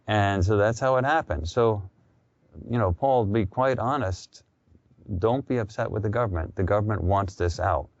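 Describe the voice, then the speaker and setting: Low-voiced man on dull radio audio. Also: moderate pace. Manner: conversational, storytelling with quoted voices. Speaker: interview guest. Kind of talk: casual radio interview.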